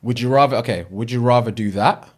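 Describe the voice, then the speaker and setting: A man's voice: medium pitch, quick pace. A man, a podcast co-host in casual chat, putting questions to his friend. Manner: quizzing, posing would-you-rather questions.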